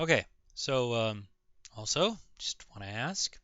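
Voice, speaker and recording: A man's voice: on the high side, sing-song, a little slow, bright, forceful tone, dry recording. A man ranting sarcastically in a reaction video, mocking and exasperated, swearing often. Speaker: video commentator. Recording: dull lo-fi recording.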